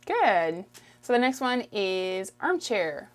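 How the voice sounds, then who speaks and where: A woman from Quebec with a Québécois accent, teaching in an upbeat way and slowing down to model each word for the viewer to repeat. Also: mid-range voice, big pitch swings. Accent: Québécois French. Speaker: French teacher. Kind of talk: online language lesson.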